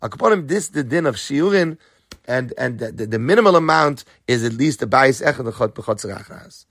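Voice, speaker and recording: A man's voice: mid-range voice, animated, normal speed, a bit bright, no room sound, studio quality. A man teaching a Talmud lesson, reading Aramaic phrases and then explaining them in English, posing questions and answering them himself.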